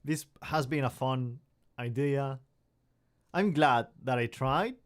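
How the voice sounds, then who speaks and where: A young man with a medium-pitched voice talks loosely through a live stream at home. He rambles, restarts his sentences and pokes fun at himself, speaking into a desk microphone. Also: slow pace. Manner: rambling, self-mocking, many restarts. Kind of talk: casual live stream chat.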